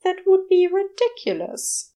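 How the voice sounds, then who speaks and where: A woman putting on a prim and fussy male angel from a storybook, bookish and easily affronted. He speaks in a lifted, bright register with clipped, airy indignation, every word carefully proper. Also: very high voice, huge pitch swings, unhurried, voice pushed up, heavily acted. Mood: indignant.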